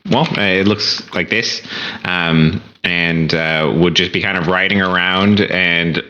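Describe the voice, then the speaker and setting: A man playing in an online tabletop game chats casually with the group. His voice is bright and forceful, and his audio sounds dull and muffled. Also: deep voice, steady tone, slow. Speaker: player. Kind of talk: casual chat.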